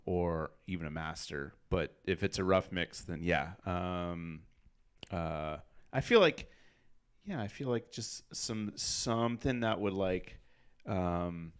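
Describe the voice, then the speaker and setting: A man's voice: low voice, smooth. A man co-hosting a music review stream, talking in a thoughtful, hesitant way with many fillers. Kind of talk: casual chat.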